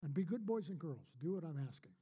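A man's voice: on the high side, big pitch swings, quick pace, husky, highs cut off. A man preaching a sermon as pastor, folksy, with repeated rhetorical questions.

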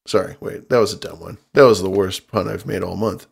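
A man's voice: deep voice, fairly even intonation, brisk, gravelly, slightly rough. A man co-hosting a casual livestream chat, swearing freely and cracking puns. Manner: profane, joking, punning. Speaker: co-host.

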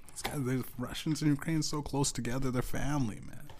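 A man hosting a podcast, rambling through a casual comedic monologue, swearing freely, laughing often and swinging from low mutters to loud outbursts. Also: fairly even intonation, fairly quick, a little hiss or hum. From Canada. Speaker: podcast host.

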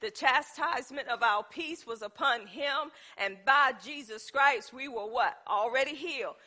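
High, bright-voiced woman teaching scripture. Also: unhurried. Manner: conversational, asks the listeners questions; tells personal stories as examples. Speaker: Bible teacher. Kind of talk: informal Bible teaching.

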